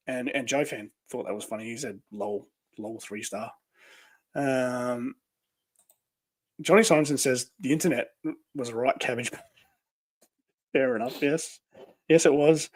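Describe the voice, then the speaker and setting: An Australian man co-hosts a casual livestream, reading out viewer comments with lots of fillers and frequent laughter. His voice is medium-pitched and the recording is dry.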